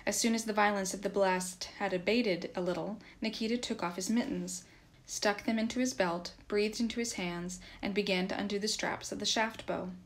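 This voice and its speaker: A woman reader narrates a classic story as an audiobook in a mid-pitched voice, her reading steady and measured.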